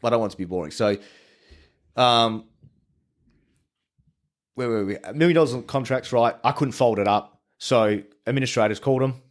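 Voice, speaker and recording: A man's voice: mid-range voice, moderate pace, pauses often. A man who is a podcast guest tells his story in casual chat. He swears freely and often restarts his sentences.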